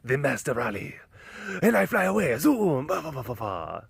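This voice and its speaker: A man's voice: mid-range voice, very animated, normal speed, vocal fry, breathy edge, no echo, heavily acted. A man voicing a sneaky male big cat as a swashbuckling masked bandit, speaking in a theatrical, mock-heroic way.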